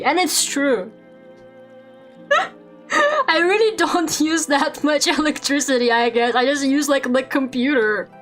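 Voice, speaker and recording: Young woman streamer, higher voice, rambly and sweary chat, faint music behind. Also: unhurried, pauses often. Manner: rambling, swears a lot, laughs often. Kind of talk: casual chat while drawing on stream.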